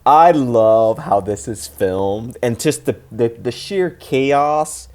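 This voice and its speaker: A man co-hosting a casual movie talk show, enthusiastic and quick to laugh. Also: mid-range voice, animated, a little mellow. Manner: enthusiastic, laughs often, repeats phrases. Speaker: podcast co-host. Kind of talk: casual movie commentary chat.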